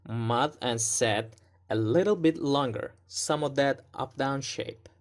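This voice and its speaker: A male English pronunciation teacher recording an online lesson. He speaks slowly and deliberately in a mid-range voice, repeating each sound several times to demonstrate it. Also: mid-range voice.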